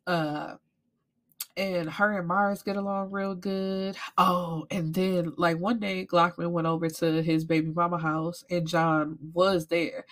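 A woman's voice: on the low side, slow pace. Blunt, profane woman recapping a book. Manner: blunt, profane, animated storytelling. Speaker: book reviewer.

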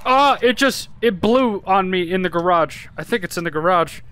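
A man's voice: high-pitched, animated, normal speed, fairly bright tone, clean tone. A man giving jokey, profane gameplay commentary that breaks into yelps and screams when startled. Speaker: gaming YouTuber.

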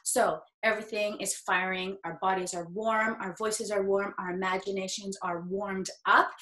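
A woman's voice: medium pitch, steady tone, normal speed, bright, forceful tone. A young woman leading a drama workshop for kids from home, upbeat and encouraging. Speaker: acting teacher. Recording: echoey home room.

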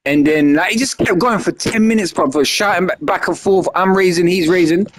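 Animated young man telling a story. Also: high-pitched, brisk, slight background noise. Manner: animated, slangy, acts out his own lines loudly. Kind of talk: casual storytelling.

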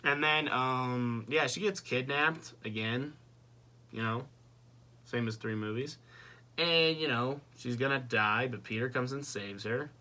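A man's voice: medium pitch, unhurried, pushed and bright. A young man ranting casually and profanely in a movie review vlog, exasperated. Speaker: vlogger.

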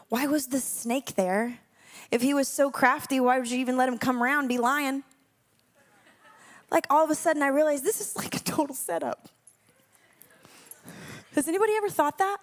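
A young woman leading a spoken prayer and then telling a personal story to a congregation, chatty and candid, laughing often. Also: high voice. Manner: hushed and slow in prayer. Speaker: worship leader speaking to a congregation.

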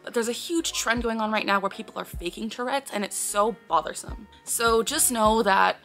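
A woman's voice: fairly high pitch, moderate pace, fairly bright tone, faint music behind. A woman talking casually to camera as a vlogger, earnestly explaining, often breaking off with sudden blurted words and sighs.

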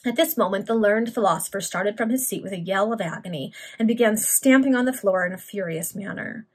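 A woman's voice: medium pitch, a little fast, husky. A woman reading a Victorian serial aloud among friends, often amused by the text. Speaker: reader.

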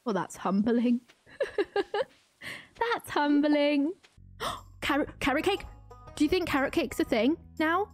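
A woman streamer giving excitable, giggly live commentary while playing a game. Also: sits high, slow, long pauses, soft background music.

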